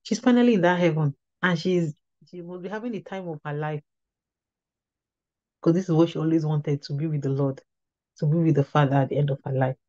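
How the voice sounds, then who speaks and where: On a slightly dull lo-fi recording with a dry sound, a woman with a low, darkish voice talks a little fast. She's teaching at a women's ministry and recounting a testimony with earnest storytelling, repeating and restarting phrases often.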